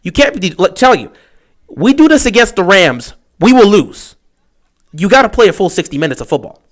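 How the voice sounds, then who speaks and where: A man giving excitable fan play-by-play commentary on a livestream, talking straight to his team. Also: high-pitched, normal speed.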